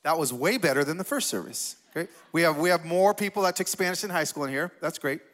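A man in his forties preaching as a guest speaker in a church, talking casually with self-deprecating humor and animated retelling. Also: on the high side, fast talker. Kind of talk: sermon. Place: church sanctuary.

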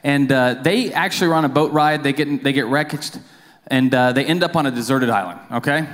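A man's voice: mid-range voice, a little fast, fairly bright tone. Chatty man preaching in a reverberant church. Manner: informal and self-deprecating, with many fillers and restarts. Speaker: church accountant giving the sermon. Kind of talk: lay sermon with jokes and stories. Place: church sanctuary. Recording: long reverb of a church hall.

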